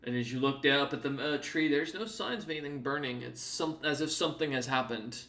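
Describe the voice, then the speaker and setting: Game master, male, halting narration; bright, roomy. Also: medium pitch. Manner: hesitant, many fillers.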